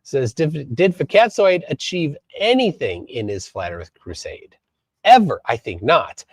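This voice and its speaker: A man from Minnesota hosting a live stream, reading chat aloud and commenting in a halting way with many fillers. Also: a little high, sing-song, no echo. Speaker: livestream host.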